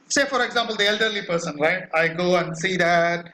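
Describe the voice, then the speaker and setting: A man's voice: sits high, fairly quick, bright, forceful tone, rough recording. A man giving a classroom lecture, explaining step by step with many fillers and constant "right?" check-ins. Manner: acts out quoted cries.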